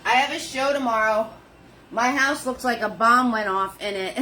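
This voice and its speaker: A woman leading a live painting lesson, chatty and warm with viewers, greeting them by name in sing-song hellos. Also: fairly high pitch, measured pace, slight background noise. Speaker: painting instructor.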